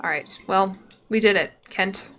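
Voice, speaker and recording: A woman's voice: medium pitch, measured pace, pushed and bright. A woman from Tennessee with a Southern accent, streaming a strategy game, chatting to viewers and reading event text aloud with wry asides.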